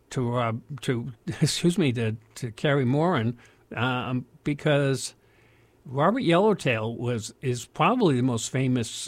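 An older American man recounts memories in a meandering, conversational way, often stopping to restart a thought. His voice sits at an ordinary middle pitch, and the recording is close and dry. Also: dry recording. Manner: rambling, many restarts and fillers. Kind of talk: casual spoken storytelling.

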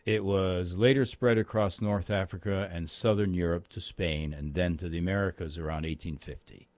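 A man's voice: sits low, steady tone, normal speed, darkish tone, no room sound. A man co-hosting a casual radio chat, easygoing and joking.

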